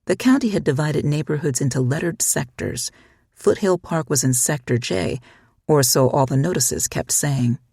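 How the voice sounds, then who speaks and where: An audiobook narrator reading a short story in an even, measured way. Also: mid-range voice, gravelly, husky, dry recording, clean studio sound. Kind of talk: scripted narration.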